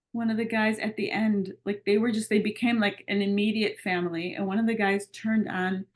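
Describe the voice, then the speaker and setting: A woman coach and retreat leader telling a story in a casual conversation and acting out the lines of the people in it. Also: mid-range voice. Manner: lively storyteller who acts out quoted dialogue.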